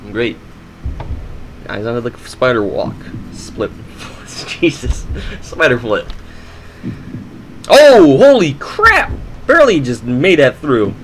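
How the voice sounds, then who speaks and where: A man calling an obstacle course run as play-by-play commentary, excitable, with hesitant fillers between calls. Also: mid-range voice, a little hiss or hum, poor audio. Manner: excitable, builds to loud shouts at big moments. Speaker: sports commentator. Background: background music.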